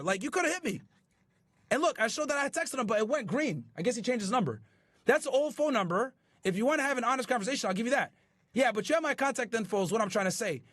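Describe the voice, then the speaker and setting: Lively, high-voiced male streamer. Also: no echo, studio quality. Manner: animated, profane, incredulous storytelling. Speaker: streaming show host. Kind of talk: casual commentary to a live chat.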